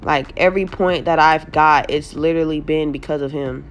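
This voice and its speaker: A woman's voice: deep voice, fairly even intonation, fairly quick, hardly any pauses. A young single mother venting in a social media clip, exasperated and swearing, with faint noise behind her. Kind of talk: emotional social media vent.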